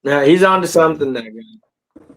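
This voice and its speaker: A man's voice: on the high side, animated, normal speed, a crowd in the background, rough recording. A man co-hosting a comedy podcast, chatting in a laid-back way with lots of hesitant fillers. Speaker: podcast co-host. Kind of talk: casual live podcast chat.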